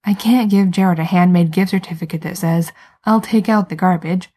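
A woman's voice: fairly low pitch, normal speed, warm tone, slightly rough. A woman reading as a flustered young man. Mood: defensive. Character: sheepish young adult man, flustered and self-deprecating. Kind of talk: fan fiction read aloud.

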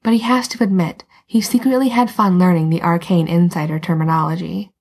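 A woman reading a story aloud as narrator, soft and unhurried, sometimes dropping to a whisper. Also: fairly low pitch, fairly even intonation, breathy edge. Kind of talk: scripted narration.

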